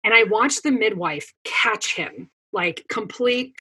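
A woman's voice: medium pitch, expressive, takes it slowly, sharp tone, breathy edge. A woman in her thirties, a podcast guest, telling a long story in casual chat with plenty of fillers. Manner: chatty storytelling with many fillers.

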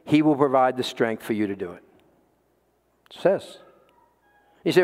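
A man preaching a sermon as pastor, emphatic, with dramatic pauses and repeated words. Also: medium pitch, expressive, darkish tone, big-room sound.

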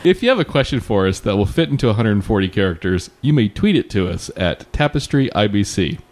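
A man's voice: lowish voice, animated. A man hosting a podcast, chatting in a lighthearted way. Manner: lighthearted, quick to laugh. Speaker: podcast host. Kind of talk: casual chat.

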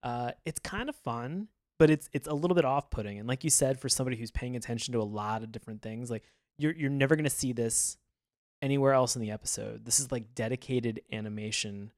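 A man co-hosting a podcast in casual chat, rambling and animated, laughing often. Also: medium pitch, fast talker, dry recording, clean studio sound. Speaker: podcast co-host.

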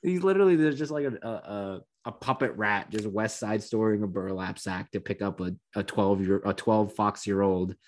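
Man with a low voice, chatting casually. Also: normal speed, hardly any pauses. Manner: animated, laughing, acts out quotes. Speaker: podcast co-host. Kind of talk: casual chat.

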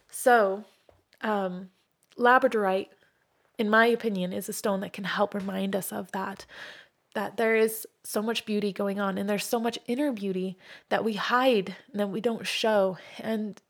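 A middle-aged woman who owns a crystal shop, talking earnestly and from the heart about healing stones and her own life. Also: mid-range voice. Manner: warm, earnest, heartfelt storytelling.

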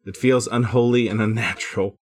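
A man's voice: lowish voice, steady tone, fairly quick, slightly rough. Man describing, hesitant and filler-heavy. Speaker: player. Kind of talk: casual tabletop play.

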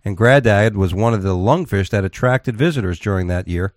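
A man with a low voice co-hosts a radio talk show, reading out offbeat news and bantering with his partners. He rambles, restarts his sentences and talks tough. His voice is dry and close to the mic. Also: brisk, no room sound.

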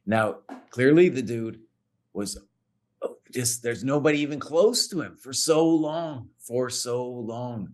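Animated, emphatic man co-hosting. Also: mid-range voice, slow. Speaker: podcast co-host. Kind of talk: casual chat.

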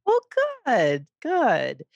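A woman's voice: medium pitch, huge pitch swings, very slow, gravelly, darkish tone, no room sound, muffled recording. A woman hosting an interview show, asking questions with friendly, affirming interjections. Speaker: show host.

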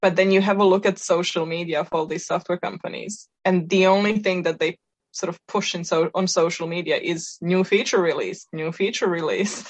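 A woman co-hosting a podcast, explaining her ideas in a relaxed, reflective way. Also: on the low side, fairly quick. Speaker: podcast co-host. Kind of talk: casual chat.

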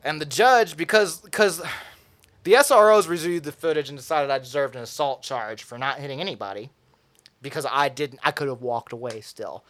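A man's voice: a little high, moderate pace, fairly bright tone. A young man from Tennessee, telling a story in casual chat, profane and acting out quotes with laughs.

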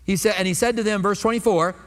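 A man's voice: sits high, fairly even intonation, fast talker, long reverb tail. A pastor in his fifties preaching a sermon in a conversational way, asking the congregation rhetorical questions.

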